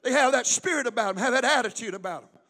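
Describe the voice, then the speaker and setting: A middle-aged pastor preaches with a very high, bright, forceful voice. He swings between loud shouting and quiet storytelling. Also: expressive, quick pace, long reverb tail. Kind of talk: sermon.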